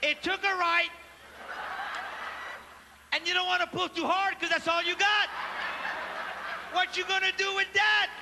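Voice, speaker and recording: A man with a Cajun accent telling comic stories on stage, animated and mixing in French phrases as he asks the audience questions. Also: extremely high pitch, measured pace, long pauses, background noise. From Louisiana. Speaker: stand-up comedian. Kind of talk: live stand-up storytelling. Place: large theater stage before a live audience. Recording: live theater recording with hall reverb and faint ambience.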